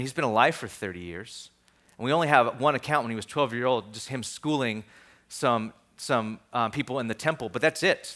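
Male pastor, slightly higher voice, chatty sermon delivery with quiet asides and strong rises. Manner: conversational, animated, swings between soft asides and emphatic peaks.

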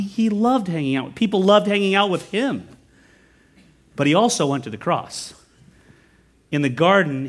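Animated pastor preaching, fairly high voice. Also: male voice. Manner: animated storytelling, quick asides and self-corrections. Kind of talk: sermon. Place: church.

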